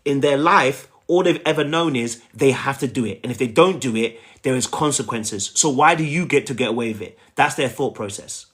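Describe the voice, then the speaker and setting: A man's voice: medium pitch, brisk, few pauses, a bit bright. A man giving a relationship coaching talk, emphatic and repetitive, often checking in with "okay?" and "right?".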